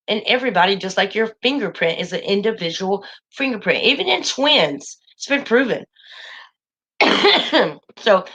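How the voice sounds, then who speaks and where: Calling her viewers y'all, a channel host talks emphatically and a bit preachily during a casual livestream. She speaks in a mid-range voice that is a bit bright.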